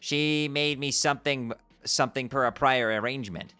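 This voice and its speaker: A man's voice: medium pitch, normal speed, sharp tone, clear, resonant tone. A man streaming himself as he reads a webcomic aloud, tripping over strange words, swearing casually and breaking off to laugh and comment.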